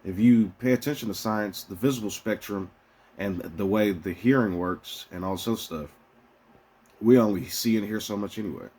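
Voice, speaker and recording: A man venting casually to his viewers in a profane, rambling way, swinging between heated outbursts and quieter musings. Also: on the low side, moderate pace, husky. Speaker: vlogger. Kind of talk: casual rant to camera.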